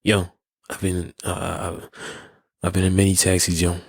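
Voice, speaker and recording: A man's voice: deep voice, completely flat delivery, moderate pace, gravelly, slightly rough, no room sound, clean studio sound. A young South African man hosting a podcast, telling a story in a rambling way with many restarts and frequent laughs. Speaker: podcast host. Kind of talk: casual storytelling.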